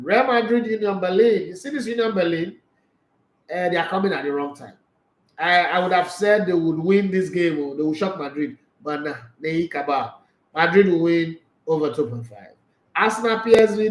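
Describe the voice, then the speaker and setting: A man's voice: high-pitched, echoey room, low-quality recording. A man hosting a sports show, talking casually through football predictions with teasing rhetorical questions. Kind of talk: casual football preview talk.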